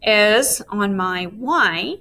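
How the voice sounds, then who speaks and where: A woman's voice: medium pitch, expressive, drawn-out words, bright, forceful tone, slight background noise. A woman teaching a recorded physics lesson, walking through each step and checking in with her students, with playful asides. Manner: walks through steps, checks in with "okay?".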